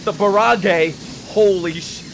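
A young man streaming anime reactions from his room, excitable and profane, often breaking into laughter. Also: high voice, takes it slowly, vocal fry, noisy background. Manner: excitable, swears a lot, bursts into laughter. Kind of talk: casual reaction commentary.

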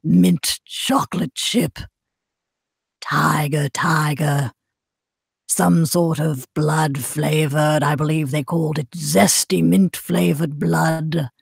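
A woman putting on a gloating female killer with a posh British accent. She speaks slowly and darkly, savoring each word. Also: low-pitched, steady tone, creaky, husky, no echo, studio quality, pitched below the performer's own voice, exaggerated voice. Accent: posh British, put on. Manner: slow, relishing, dark.

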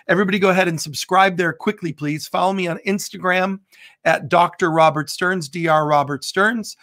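Loud, animated bishop hosting a livestream. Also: male voice, high-pitched, moderate pace. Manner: loud, animated, joking, self-interrupting. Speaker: bishop and show host. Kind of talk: livestream prayer and chat.

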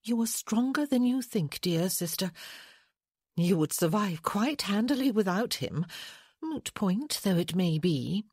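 Woman doing a matter-of-fact young lady writing to her sister, slightly husky, dry sound. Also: mid-range voice, animated, measured pace, a little mellow, dry recording. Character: frank, practical young noblewoman writing a letter.

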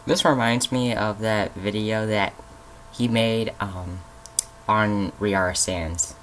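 A man casually commenting on a video he is reacting to, with pauses, restarts and fillers. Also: fairly low pitch, fairly even intonation, fairly bright tone, slight background noise, rough recording. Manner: hesitant, with many fillers and restarts.

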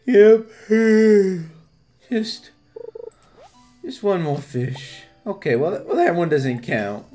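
A man's voice: high-pitched, animated, drawn-out words, dark tone, faint music behind, pitched above the performer's own voice, exaggerated voice. A man doing a manic moody fisherman. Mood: weary. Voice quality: hillbilly drawl, wild mood swings from moping to whooping. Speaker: gameplay voice actor. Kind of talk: comedic character play over a game.

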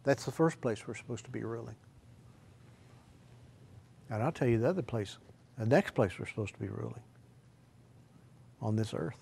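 A man preaching a sermon, swinging between quiet, hushed asides and loud, emphatic exclamations. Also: medium pitch, moderate pace, gravelly, long pauses, breathy edge.

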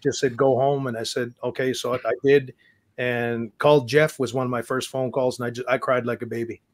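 Speaking as a guest in a relaxed interview, a musician from Saskatchewan, Canada, recounts stories earnestly but haltingly, with frequent restarts and repeated words. He has a medium pitch and flat delivery, captured on a dry recording.

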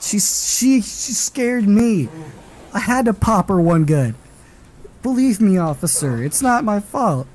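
A man's voice: high-pitched, darkish tone. A man giving live horror game commentary, swearing and talking back at the game whenever it startles him. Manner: profane, jumpy, talks back at the game. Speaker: gaming streamer.

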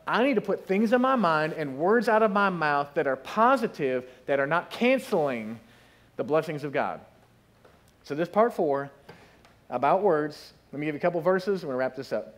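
A man with a high voice preaches in a church, lively and storytelling, slipping into voices for the people in his stories. He speaks as the pastor of his congregation, animated and casual. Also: moderate pace. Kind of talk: sermon. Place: church sanctuary.

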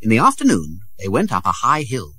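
A man's voice: fairly low pitch, a little fast, slightly rough, no room sound. A man reading a storybook aloud for English learners, acting out each character. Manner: expressive, acts out every character.

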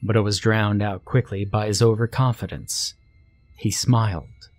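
Slow, low-voiced male horror narrator. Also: fairly even intonation, a little mellow, no room sound, soft background music. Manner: slow, measured storytelling. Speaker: story narrator.

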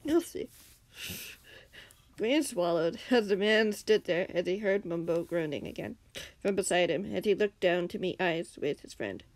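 A woman with a lowish voice reads her own fanfiction aloud at normal speed, with no room sound. She stumbles and giggles now and then and acts out the shouted lines.

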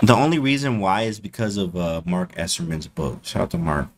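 A man streaming casually to his chat, slangy and animated, repeating his phrases. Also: low voice, fairly quick, noisy background. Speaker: chess streamer.

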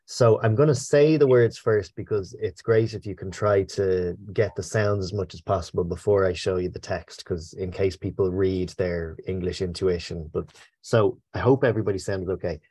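A man's voice: sits low, normal speed, dark tone, husky. An upbeat, chatty Irish man teaching a language lesson over a video call.

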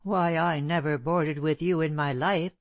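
Stern gentleman in a storybook, hard-voiced and composed, read by a woman, low and unhurried. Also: no echo, lightly acted. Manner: cold and composed.

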